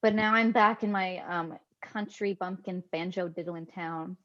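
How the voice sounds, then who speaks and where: A woman's voice: on the low side, a little slow, highs cut off. A woman co-hosting a podcast, chatting casually and telling stories with lots of swearing. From Canada. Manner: swears freely, animated storytelling. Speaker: podcast co-host.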